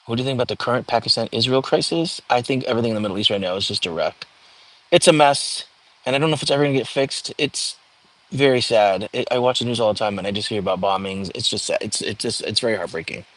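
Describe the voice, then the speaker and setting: A man's voice: medium pitch, fast talker, fairly bright tone. A young man hosting a casual livestream, reading viewer comments aloud and chatting back in an easygoing way. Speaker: livestream host. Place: home.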